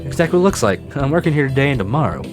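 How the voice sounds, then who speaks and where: A man's voice: mid-range voice, sing-song, rapid-fire, over music, pitched above the performer's own voice, natural voice. A man voicing a friendly young male bird working at a shrine in a dating-sim game, with a put-on accent that slips. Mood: cheerful.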